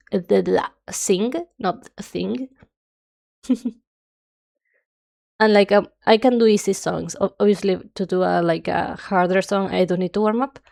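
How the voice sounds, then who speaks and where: Chatty young woman with a gravelly edge. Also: medium pitch, a little mellow. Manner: rambling, chatty, self-described yapping. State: stuffy nose. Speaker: streamer. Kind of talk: casual stream chat while drawing.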